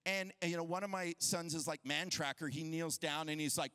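Male pastor, 30s, animated sermon storyteller, bright tone, dry close sound. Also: on the high side, normal speed, no echo. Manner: animated, acts out quoted voices.

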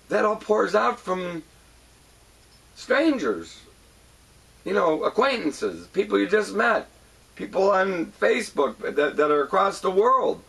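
A man with a husky, gravelly voice speaks an earnest personal monologue, stumbling and repeating words as he goes. His pitch rises and falls a lot. He sits some distance from the microphone. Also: a bit bright. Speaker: show host.

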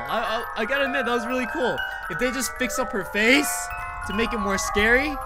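High-voiced excitable gaming commentator. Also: male voice. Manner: excitable, yelps and screams at jump scares. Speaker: gaming YouTuber. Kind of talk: horror game let's play commentary.

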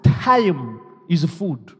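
A male pastor with a high, very lively voice preaches in call-and-response style and swings from near-whispers to loud exclamations. His voice rings out through a reverberant church hall over faint instrumental music. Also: extremely slow, slightly rough. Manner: call-and-response preaching, leading the congregation to repeat lines; swings between hushed asides and loud exclamations. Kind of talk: sermon.

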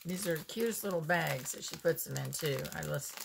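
A woman's voice: sits low, gravelly, noisy background. A woman, chatting casually as she unboxes homemade soap and muses aloud. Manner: slow, chatty, musing aloud.

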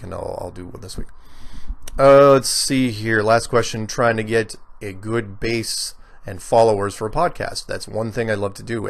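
Man, American, middle-aged, podcast host, casual email Q&A, gravelly, rambling with fillers. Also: lowish voice. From United States. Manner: rambling, with many fillers and restarts. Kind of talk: casual solo Q&A talk.

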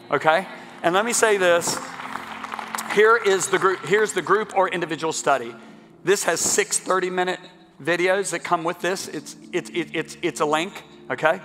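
A man's voice: high-pitched, moderate pace, fairly bright tone. A man preaching as a guest speaker, fervent and exhorting, leading a healing prayer and talking to the crowd. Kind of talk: sermon with healing prayer and book talk. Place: large church sanctuary. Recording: long hall reverb, faint music.

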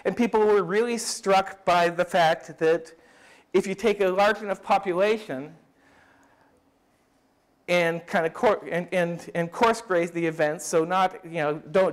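A man giving an academic lecture at a summer school, thinking aloud with frequent restarts and speeding through quoted passages. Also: high-pitched.

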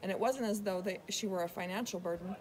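Woman narrating a novel, mid-range voice, steady delivery. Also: mid-range voice, fast, crowd noise, low-quality recording. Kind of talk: reading a novel aloud.

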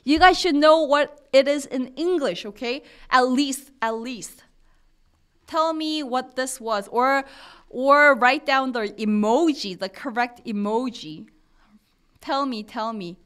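A woman's voice: high-pitched, slow, fairly bright tone, smooth. A young woman teaching Korean in a live-streamed class, chatty and encouraging, reading viewers' comments aloud. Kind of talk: live-streamed language lesson.

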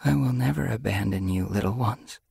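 A man's voice: mid-range voice, expressive, normal speed, dry recording, clean studio sound, pitched above the performer's own voice. A man voicing a young female medicine cat, speaking with strained emotion and pleading. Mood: tender.

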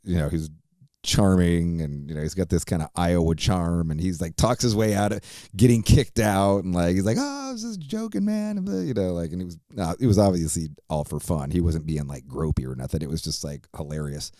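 A man's voice: sits low, steady tone, brisk, dark tone, dry recording, studio quality. A middle-aged man hosting a podcast, telling a profane, rambling story casually with lots of fillers. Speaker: podcast host.

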